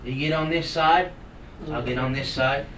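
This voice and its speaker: A man voicing a wise, commanding male eagle who gives orders in a calm, matter-of-fact way with dry humor. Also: medium pitch, normal speed, noisy background, natural voice. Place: live storytelling event. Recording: roomy hall from far off.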